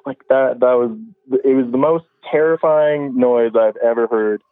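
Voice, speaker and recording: A man's voice: mid-range voice, moderate pace, hardly any pauses, smooth, no echo. A man calling in to a show to tell a spooky story in a casual, rambling way, full of fillers and restarts. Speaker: caller. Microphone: phone. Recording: tinny phone line.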